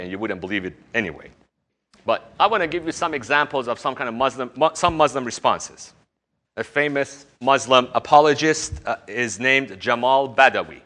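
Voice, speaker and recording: A man giving a recorded course lecture, teaching in an animated way. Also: mid-range voice. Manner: animated teaching, slips into exaggerated voices when quoting others.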